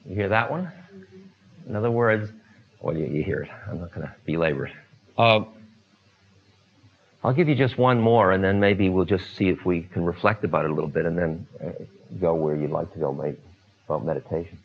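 Low-voiced guy telling stories slow, lots of ums and pauses, dull lo-fi sound. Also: breathy edge. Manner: unhurried, many pauses and fillers. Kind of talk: storytelling talk. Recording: dull lo-fi recording.

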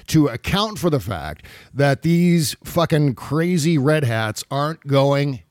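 A man's voice: a little high, very animated, takes it slowly, a little mellow, no echo, clean studio sound. A man hosting a podcast, chatting casually and animatedly about election results, laughing and swearing freely. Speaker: podcast host. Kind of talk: casual political chat.

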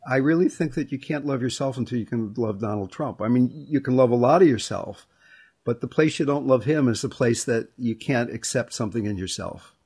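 A middle-aged man with a husky, slightly rough voice hosts a reflective conversation. He talks thoughtfully and without hurry, working through personal stories at an even middle pitch. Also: a little fast.

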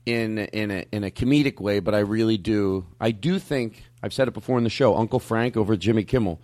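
A man's voice: lowish voice, brisk, a little mellow, no room sound. Guy hosting a podcast, rambly and swears a lot, dry studio sound. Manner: rambling, profane, self-interrupting. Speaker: podcast host. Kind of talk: casual chat.

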